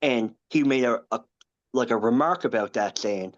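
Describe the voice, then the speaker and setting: A man in his thirties, a guest on a podcast, tells a personal story in an earnest, halting way and keeps adding asides. His voice sits at an ordinary pitch for a man. The recording sounds a little dull and lo-fi. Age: 30s.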